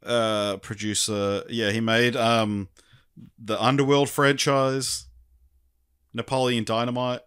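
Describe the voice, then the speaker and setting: A man co-hosting a casual film review podcast, talking with many pauses and restarts. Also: medium pitch, flat delivery, a bit bright, clear, resonant tone. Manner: hesitant, many ums and restarts. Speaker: podcast co-host.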